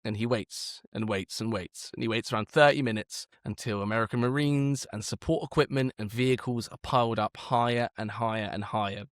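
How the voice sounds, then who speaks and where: A man co-hosting a casual history podcast, telling the story in an animated way, swearing now and then and slowing down for emphasis. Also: lowish voice, no room sound, clean studio sound.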